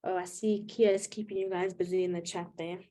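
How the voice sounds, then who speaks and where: A woman's voice: lowish voice, flat delivery, a little fast, dark tone, a little hiss or hum. A woman teaching a live online maths class, explaining patiently step by step and checking in with her students. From South Africa.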